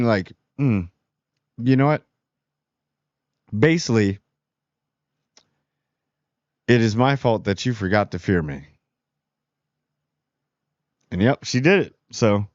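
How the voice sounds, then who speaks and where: A man giving a casual, rambling spoiler review of a TV episode, full of slang and quick acted-out lines for the characters. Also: mid-range voice, smooth, no room sound, lo-fi sound.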